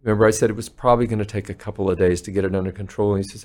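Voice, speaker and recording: Earnest low-voiced doctor telling stories. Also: male voice, steady tone, very fast, a little mellow. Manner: earnest storyteller, voices patients' words. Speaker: palliative care physician, podcast guest. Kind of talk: conversational interview.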